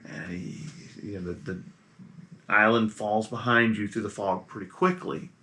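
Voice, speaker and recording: A man narrating a tabletop role-playing game as game master, in a casual, halting way. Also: fairly low pitch, fairly even intonation, sharp tone.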